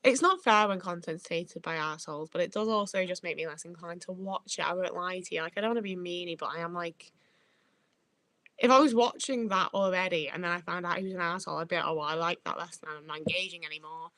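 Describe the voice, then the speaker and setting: This livestream host, a young woman from northern England, talks fast in a lowish, pushed, bright voice on a dry recording. She reads viewer comments aloud, chatting bluntly and cursing plenty.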